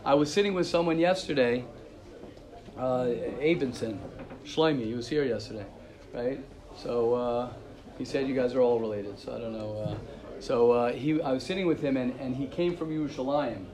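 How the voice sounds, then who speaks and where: A man teaching an informal religious class, telling stories in an animated way and repeating his phrases. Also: mid-range voice, moderate pace. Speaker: Torah teacher.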